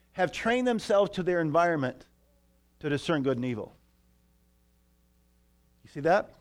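A man preaching a sermon in a church, telling a story with lively asides to the congregation. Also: on the high side. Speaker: pastor.

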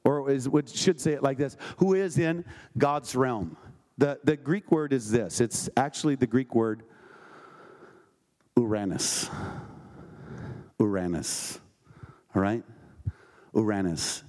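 A male preacher working through scripture in an evening sermon at a medium pitch. He reads verses aloud and breaks off to ask the congregation quick questions. His delivery is conversational and emphatic. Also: a little mellow.

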